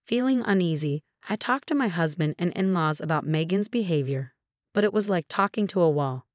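A woman narrating a first-person story in an even, matter-of-fact way. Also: lowish voice, fairly quick, no room sound, clean studio sound.

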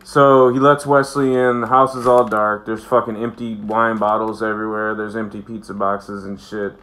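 A man's voice: fairly low pitch, little pitch movement, normal speed, a bit bright. A man giving a casual, profane, rambling recap of a show for his channel, full of fillers. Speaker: video reviewer.

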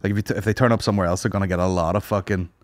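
A man's voice: deep voice, steady tone, rapid-fire, no room sound, studio quality. A man co-hosting a podcast, trading crude jokes and slipping into put-on voices. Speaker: podcast co-host. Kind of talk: crude comedic banter.

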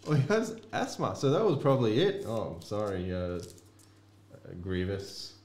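Aussie guy opening cards, slow and offhand, kinda low voice, roomy echo. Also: sing-song, a little mellow. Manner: slow, offhand, chatting to viewers. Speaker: card break host. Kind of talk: casual card-break commentary. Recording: echoey room with faint noise.

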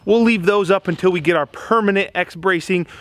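A man's voice: sits high, brisk, a bit bright, dry recording. A man, a building contractor, giving a casual how-to explanation in plain-spoken, folksy tradesman talk at an outdoor construction site.

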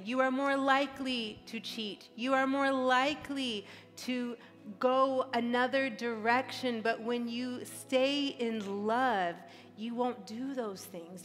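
Tearful woman preaching in a hall. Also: on the high side. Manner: emotional, tearful, earnest preaching. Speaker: pastor. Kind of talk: sermon. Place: large church hall. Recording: live church hall reverb.

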